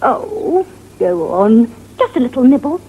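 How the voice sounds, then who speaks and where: A coy, flirtatious woman, voiced by an Irish man in falsetto, coaxing and teasing in a high register. The sound is thin and tinny, like a phone line. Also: sing-song, measured pace, breathy edge, full character voice.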